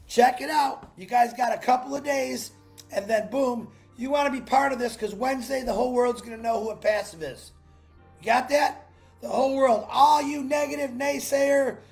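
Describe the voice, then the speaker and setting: A livestream host with a very high, gravelly, raspy voice gives his viewers an excited, salesy pep talk that breaks into shouts. Speaking alone into a laptop mic with faint music behind him, he greets viewers by name from the chat.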